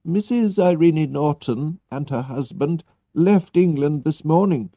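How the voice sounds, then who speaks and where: A man's voice: fairly high pitch, unhurried, mellow, no echo, pitched above the performer's own voice. A man putting on a polite old servant woman. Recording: dull lo-fi recording.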